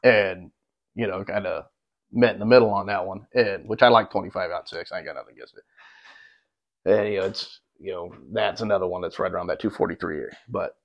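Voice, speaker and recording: Low-voiced and brisk, with vocal fry, a podcast co-host rambles through a long hunting story, casual and profane. Quoting others gets him worked up. The podcast audio is dull and lo-fi.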